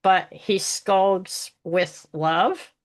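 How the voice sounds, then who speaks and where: A woman hosting a faith podcast in casual conversation, animated and laughing often, acting out voices as she tells stories. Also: mid-range voice, drawn-out words. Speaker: podcast host.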